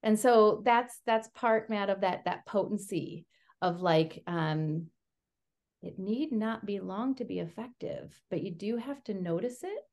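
A woman's voice: mid-range voice, measured pace. A woman researcher who studies education, speaking in an earnest, casual interview manner and using a lot of "like" fillers. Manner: earnest, filler-heavy, says "like" often; animated storyteller. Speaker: education researcher, podcast guest.

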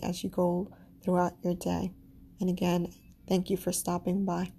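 A woman with a Caribbean accent hosting a podcast, leading spiritual affirmations slowly and calmly and saying each one twice, sometimes dropping to a soft whisper. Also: lowish voice, vocal fry, breathy edge. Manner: slow, calm, repeats each affirmation twice. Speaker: podcast host.

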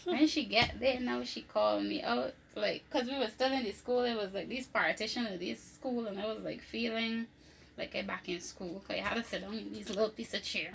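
A woman's voice: mid-range voice, fairly quick, gravelly, slight background noise. A woman, casually telling a personal story and acting out what other people said, laughing often. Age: 20s. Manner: animated, acts out quoted voices, laughs often. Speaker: co-host telling her testimony.

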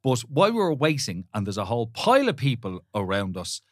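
Teasing man with a lively voice. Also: mid-range voice, fairly quick, dry recording, clean studio sound. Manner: teasing storyteller, many restarts. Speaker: podcast co-host. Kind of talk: casual chat.

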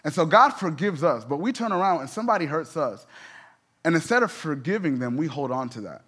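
Male pastor, slightly high pitch, conversational sermon with emphatic peaks. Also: very animated, brisk, fairly bright tone, slightly rough.

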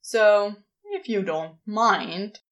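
A woman's voice: mid-range voice, very slow, fairly bright tone, dull audio. A woman voicing an irritated, sarcastic male demon who scolds and mocks. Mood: scornful. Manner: exasperated, scolding.

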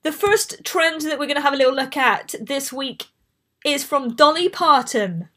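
A woman's voice: high voice, lively intonation, moderate pace, sharp tone. Chatty woman with a cold. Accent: light Bristolian English. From Bristol, England. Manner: chatty, wanders into tangents. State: has a cold. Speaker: podcast host. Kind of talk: casual solo podcast chat.

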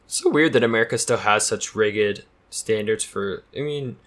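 Young male co-host, lowish pitch, bright edge, talkative. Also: moderate pace. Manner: opinionated, chatty, many "like" fillers. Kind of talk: casual chat.

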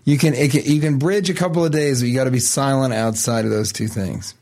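Playful podcast guy, silly bits, acts stuff out, mid pitch. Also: fast talker, darkish tone. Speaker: podcast co-host. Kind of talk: casual comedic chat.

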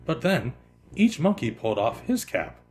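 A man hosting a podcast, reading a children's picture book aloud in an expressive way that slows down for effect. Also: on the high side. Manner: expressive, lively, slowing for effect.

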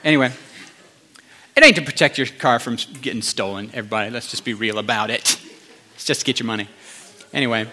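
A male pastor giving a conversational sermon, animated, with chatty asides to the congregation. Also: mid-range voice, quick pace, long pauses.

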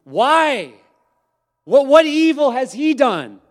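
A man's voice: very high-pitched, very animated, slow pace, long reverb tail, pitched above the performer's own voice, exaggerated voice. A man voicing an exasperated Roman governor pleading with a crowd in a raised, strained voice.

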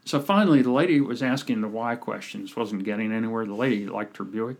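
A man with a slightly husky, breathy voice coaches on a podcast. He tells his stories in a relaxed, conversational way. He brings them to life by playing the people he quotes. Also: lowish voice, fairly quick. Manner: animated storyteller, acts out quoted people. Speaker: podcast guest, communication coach. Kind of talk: casual storytelling chat.

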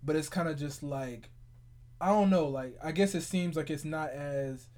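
A young man from Charlotte, North Carolina, co-hosting a podcast in a relaxed, rambling chat full of "like" fillers. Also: a little high, moderate pace. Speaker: podcast co-host. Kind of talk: casual chat.

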